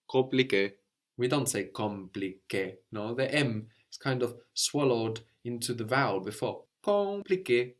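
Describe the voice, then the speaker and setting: A man teaching a language lesson, explaining patiently step by step and often checking with a quick "no?". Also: fairly low pitch.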